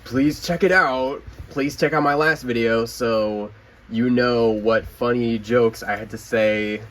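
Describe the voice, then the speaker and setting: A man's voice: mid-range voice, takes it slowly, a bit bright, poor audio. A young man casually showing off his toy collection on camera at home, rambling with lots of fillers, swearing and laughing often. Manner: rambling and profane, filler-heavy with frequent laughter. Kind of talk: casual show-and-tell vlog.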